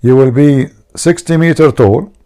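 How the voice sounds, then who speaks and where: This livestream host, a man from the Middle East who speaks Arabic natively, spins mocking, jokey stories in a casual setting. His mid-range voice is warm and unhurried.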